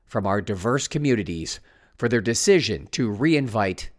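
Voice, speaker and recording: A man's voice: lowish voice, lively intonation, normal speed. A man hosting a commentary show, reading news items aloud and mocking them with sarcastic asides. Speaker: host.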